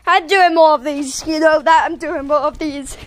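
A woman vlogging casually, giggly and excitable, laughing often as she talks. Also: sits high, moderate pace. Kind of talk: casual face-filter vlog. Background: background music.

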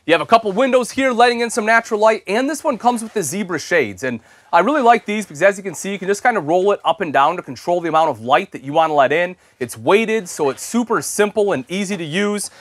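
A man's voice: sits high, animated, fast, no echo. A young man hosting an RV show, giving an enthusiastic, chatty sales walkthrough inside a travel trailer and calling viewers "folks". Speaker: RV show host.

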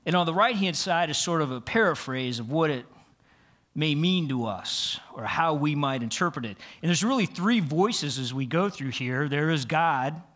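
Male pastor, light-pitched, earnest conversational sermon delivery with frequent restarts. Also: fairly bright tone. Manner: earnest, repeats words and restarts phrases. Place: church sanctuary.

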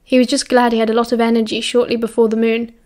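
British woman, audiobook narrator, steady measured storytelling, slightly high voice. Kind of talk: audiobook reading.

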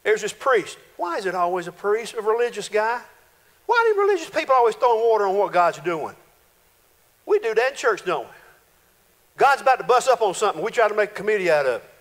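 A male pastor, preaching a folksy, animated sermon full of playful voiced quotes in a church sanctuary. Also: high voice, a little fast. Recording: reverberant church hall.

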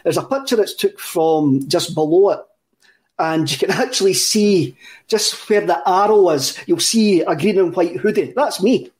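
High-voiced Scottish man spinning a yarn. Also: normal speed, a little mellow. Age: 30s. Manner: rambling, repeats words, laughs often. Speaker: podcast co-host. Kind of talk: casual storytelling chat.

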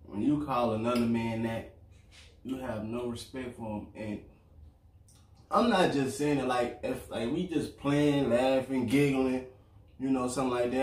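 Plain-spoken man, mid-pitch, earnest, in an echoey room some way from the mic. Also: fairly even intonation, moderate pace, a little mellow, far from the mic. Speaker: boyfriend, co-host. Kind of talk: casual couple chat over a meal.

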